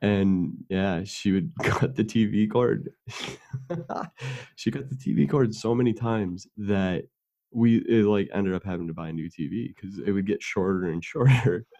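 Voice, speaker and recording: A man's voice: fairly low pitch, unhurried, creaky, mellow. A man in casual conversation, telling long rambling stories with fillers and laughs.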